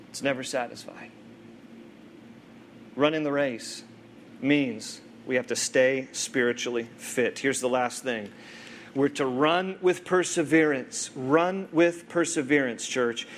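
A man preaching a sermon as pastor, expressive, moving between lively storytelling and hushed, earnest appeals to the church. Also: mid-range voice, a little hiss or hum.

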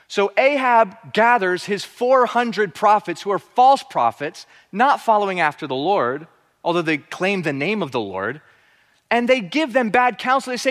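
A man preaches through a Bible passage with animated energy, slipping into voices for the characters. His voice sits notably high for a man. The sound rings with the long reverb of a large hall. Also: moderate pace. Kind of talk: expository sermon.

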